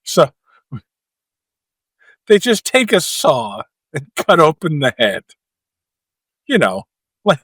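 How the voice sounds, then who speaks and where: A man co-hosts a casual movie podcast, retelling scenes with a lot of swing in his voice and slipping into quick impressions and sound effects. His voice sits a bit high for a man. The sound is close and dry. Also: husky, no echo. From Canada. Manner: animated storytelling, acts out quotes and sound effects. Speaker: podcast co-host.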